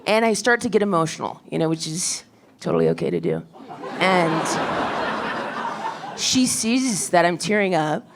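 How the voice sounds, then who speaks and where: A woman stand-up comedian telling a story in a wry, quick, self-deprecating way, on a club stage with a handheld mic. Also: lowish voice, lively intonation, gravelly. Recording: live club recording with crowd noise. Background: audience laughter.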